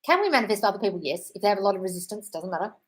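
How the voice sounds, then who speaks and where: A woman's voice: mid-range voice, big pitch swings, rough recording. A woman hosting a casual live Q&A from home, talking bluntly and swearing freely as she reads and answers viewer questions. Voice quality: blunt, sweary, fast-moving. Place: home, dog nearby.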